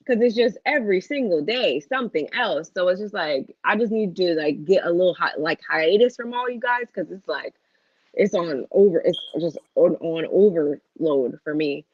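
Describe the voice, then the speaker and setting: A woman co-hosting a casual livestream chat, rambling and thinking aloud with many pauses. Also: fairly low pitch, no echo, muffled recording. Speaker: co-host.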